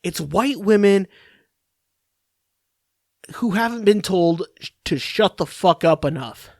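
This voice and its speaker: A man's voice: sits high, animated, a little mellow, dry recording, clean studio sound. Profane ranting male podcast host. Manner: profane and exasperated, halting restarts. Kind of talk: solo comedic rant.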